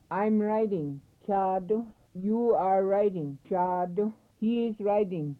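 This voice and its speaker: Woman drilling words slowly, tinny sound. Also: mid-range voice. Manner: slow, careful repetition of words and phrases. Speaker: language teacher. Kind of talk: recorded language lesson, word drills. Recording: tinny phone-like recording.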